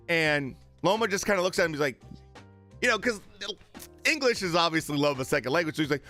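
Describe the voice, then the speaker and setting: A man's voice: on the high side, expressive, a little fast, pushed and bright, soft background music. A man chatting casually on a live stream about boxing, with many fillers and retold quotes.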